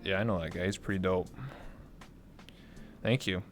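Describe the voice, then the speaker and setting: A man's voice: low-pitched, steady tone, moderate pace, a little hiss or hum. A man hosting a livestream, chatting casually in a rambling, jokey way. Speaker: livestream host. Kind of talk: casual chat.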